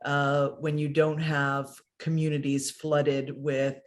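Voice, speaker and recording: A woman's voice: deep voice, little pitch movement, slow pace. A woman hosting and moderating a conversation over a video call. She speaks thoughtfully, with many fillers. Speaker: host, moderator. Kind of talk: casual conversation.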